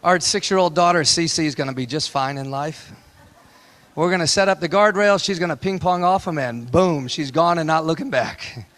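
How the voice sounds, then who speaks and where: A man's voice: on the high side, normal speed, fairly bright tone. A man in his forties giving a town hall campaign speech, telling a family story in a folksy, impassioned way with repeated rhetorical lines. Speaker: political candidate. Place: town hall meeting room.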